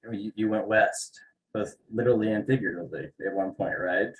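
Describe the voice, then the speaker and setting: A man hosting a casual interview podcast, teasing his guest with deadpan jokes. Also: lowish voice, fairly quick, rough recording. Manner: joking, teasing, deadpan asides. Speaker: podcast host.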